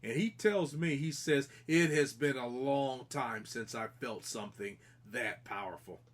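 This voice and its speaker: A man with a medium-pitched voice and a measured pace shares a ghostly encounter from an investigation on a podcast. He tells it casually but earnestly and in detail, restarting his sentences often.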